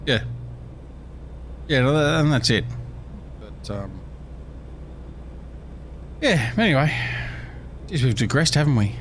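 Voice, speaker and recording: An Australian man hosts a relaxed livestream at a middling pitch. He rambles from topic to topic, cracks jokes and reads viewers' messages aloud, with a faint hiss underneath. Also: slow pace, pauses often. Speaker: livestream host. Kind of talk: casual livestream chat.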